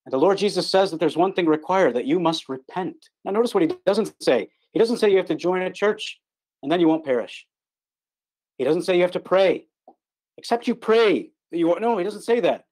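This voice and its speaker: A man's voice: high voice, animated, a little fast, darkish tone. Earnest, emphatic male gospel preacher. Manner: earnest, emphatic, repeats key words. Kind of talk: gospel sermon. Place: online call.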